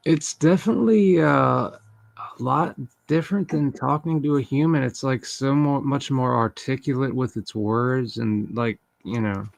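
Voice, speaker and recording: A man in a casual group chat, asking curious, halting questions. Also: mid-range voice, vocal fry, no echo.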